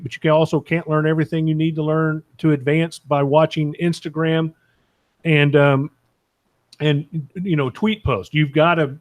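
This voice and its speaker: A man's voice: a little high, no echo. Frank, opinionated male co-host, dry sound. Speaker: podcast co-host, sports medicine clinician. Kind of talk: casual panel discussion.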